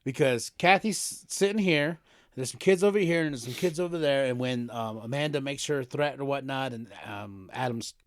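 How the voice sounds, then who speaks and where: A middle-aged man co-hosting a casual podcast chat, telling stories animatedly and acting out quotes loudly. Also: medium pitch, normal speed, no echo, clean studio sound. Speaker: podcast co-host.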